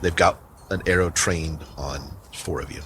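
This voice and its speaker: A man's voice: rumbling low, steady tone, normal speed, a bit bright, slight background noise. A man narrating a tabletop game as game master, loose and often laughing.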